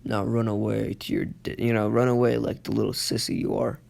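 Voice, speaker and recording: A brooding teenage demon boy from a fan-told anime story, cold and taunting, dropping into low, menacing lines, as a man puts him on. The voice has a gravelly, creaky edge. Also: level tone, fairly quick, darkish tone.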